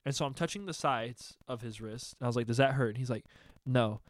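A man's voice: mid-range voice, brisk, no room sound. A young man telling a funny story in casual chat, acting out his friends' voices and laughing often.

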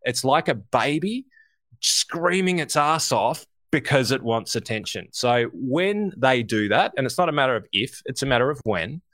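A man's voice: mid-range voice, moderate pace, no room sound. Aussie guy ranting about markets, swears a lot, talks right to you, dry sound. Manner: animated, swears casually, addresses listeners directly. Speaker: co-host. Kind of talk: casual market commentary.

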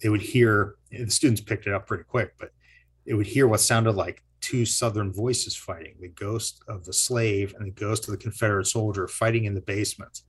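Husky-voiced historian spinning a ghost story. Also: male voice, lowish voice, steady tone, normal speed. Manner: rambling, self-correcting, chuckles often. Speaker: historian and teacher. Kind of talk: casual interview storytelling.

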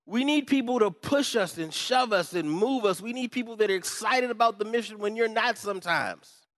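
Animated pastor preaching, pumped up. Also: male voice, sits high, moderate pace, dry recording, clean studio sound. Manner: animated, swings from loud pumped-up shouting to quiet asides, acts out quoted voices. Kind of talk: sermon.

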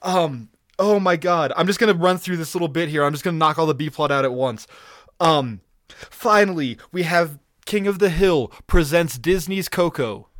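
A man co-hosting a podcast, recapping episodes in an excitable, profane, laugh-filled way. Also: on the high side, moderate pace, no echo, studio quality. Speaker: podcast co-host.

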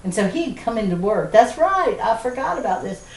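A woman's voice: fairly high pitch, moderate pace. Middle-aged Southern woman, chatty podcast co-host, laughs through her tales, roomy room, mic set back. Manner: animated storyteller, laughs often mid-sentence. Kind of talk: casual storytelling chat. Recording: roomy sound from a distant mic.

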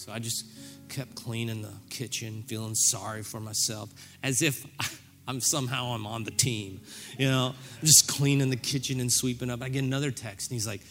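A man's voice: mid-range voice, measured pace, fairly bright tone, soft background music. A middle-aged man preaching a sermon, telling a story with self-deprecating humor and acting out his own reactions. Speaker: pastor.

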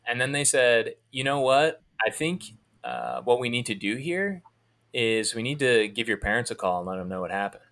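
A man telling a long story in a casual chat, in a fairly monotone, rambling way with many restarts. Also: medium pitch, normal speed, gravelly.

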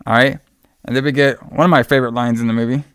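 A man co-hosting a casual movie recap podcast, joking and swearing a lot, and acting out characters in a high voice. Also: steady tone, fast, a bit bright, clean tone, no echo, clean studio sound. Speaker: podcast host.

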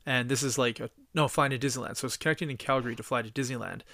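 A man's voice: mid-range voice, steady tone, rapid-fire, creaky, sharp tone, dry recording. Eager storytelling man, dry close sound. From British Columbia, Canada. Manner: eager storyteller, swears casually. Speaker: podcast host. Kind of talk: casual chat.

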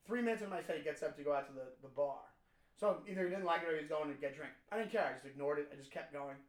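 Fast, high-voiced man telling a story. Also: reverberant. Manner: animated, swearing, acts out quoted voices. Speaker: podcast co-host, comedian. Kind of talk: casual chat, storytelling.

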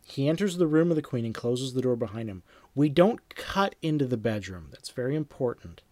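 A man teaching a class, reading film anecdotes aloud in a lively storytelling manner and acting out little sound effects. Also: mid-range voice, a little fast, no room sound. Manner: animated storyteller, acts out sound effects, repeats himself. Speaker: screenwriting teacher.

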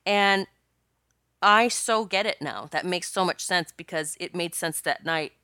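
A woman's voice: on the low side, unhurried, pushed and bright, clear, resonant tone, no room sound, studio quality. A woman hosting her own podcast as a spiritual coach, telling a personal story in a chatty, rambling way with many restarts and laughs. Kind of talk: casual solo podcast storytelling.

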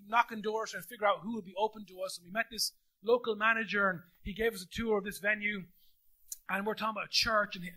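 An Irish man preaching as a pastor in a church, telling stories in an animated, jokey way and acting out the dialogue. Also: very high-pitched. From Ireland. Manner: animated, jokey storyteller who acts out dialogue. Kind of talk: sermon storytelling. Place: church auditorium.

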